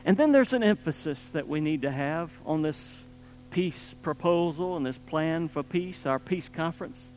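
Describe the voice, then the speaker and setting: A man preaches a sermon in a high-pitched voice. He presses his points hard, then drops to quiet, low asides. Soft guitar music plays faintly underneath. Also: lively intonation, moderate pace, low-quality recording. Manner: emphatic, swings between loud emphasis and quiet low asides.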